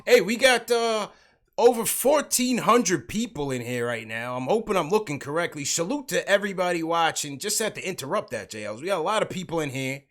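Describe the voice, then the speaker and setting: A man's voice: high-pitched, big pitch swings, a little fast. A man hosting a sports livestream podcast, talking casually about basketball and calling out chat viewers. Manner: hypes up the chat, greets viewers.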